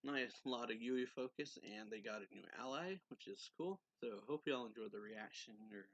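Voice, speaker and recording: A man casually recapping a manga chapter as a reviewer, retelling the story in a relaxed way with lots of fillers and little chuckles. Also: medium pitch, normal speed, dry recording, muffled recording.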